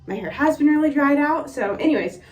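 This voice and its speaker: Young woman, slightly out of breath, chatty vlogger, bit high voice, echoey room, mic set back. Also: animated, brisk, a little mellow. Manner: chatty, friendly, many fillers like "like" and "um". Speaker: beauty vlogger. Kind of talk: casual hair tutorial. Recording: roomy echo, mic a bit distant.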